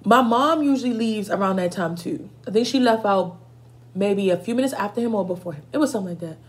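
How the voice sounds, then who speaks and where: A young woman vlogger telling a storytime with lively, profane chatter aimed straight at her viewers. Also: medium pitch, quick pace. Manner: animated, profane, talks to viewers as y'all. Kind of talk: casual storytime while eating.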